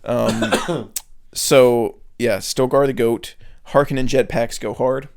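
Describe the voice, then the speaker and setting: A man's voice: mid-range voice, steady tone, slow pace, gravelly, darkish tone. A man co-hosting a podcast, chatting casually and enthusiastically about a film, swearing often and using lots of fillers. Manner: loose and enthusiastic, with frequent swearing and filler words. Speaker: podcast co-host. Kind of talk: casual film review chat.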